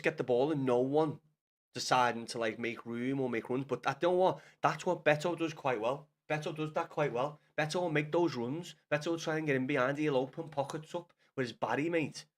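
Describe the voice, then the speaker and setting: Young Scouse streamer, loose rambling match chat to viewers, pitch a touch high. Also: male voice, moderate pace. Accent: Liverpool Scouse. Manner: rambling, swears often, talks to chat viewers by name. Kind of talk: casual live-stream football chat.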